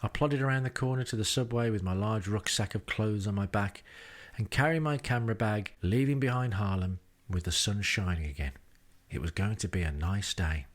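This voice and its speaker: Speaking at a moderate pace in a lowish register, this English podcast host reads out his travel diary from a rented home. His tone is dry and self-mocking, full of wry asides.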